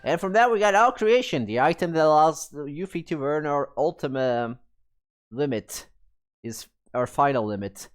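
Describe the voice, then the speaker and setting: A man streaming a role-playing game live, chatting through it in a chatty, self-amused way. His pitch swings freely up and down, and faint music plays in the background. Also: animated, normal speed. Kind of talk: live gameplay commentary.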